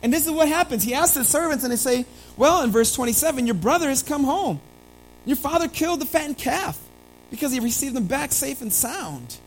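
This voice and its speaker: Animated preacher, hushed to emphatic. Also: sits high, fairly quick, soft background music, poor audio. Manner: animated, swinging between hushed and emphatic delivery; addresses listeners as family, playful asides. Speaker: pastor. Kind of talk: sermon.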